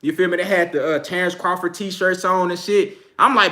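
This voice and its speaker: Male streamer, Texan accent, casual boxing chat, high voice, quick to laugh. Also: lively intonation, sharp tone. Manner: loose, slangy, laughs often. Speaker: boxing channel host. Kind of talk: casual livestream commentary.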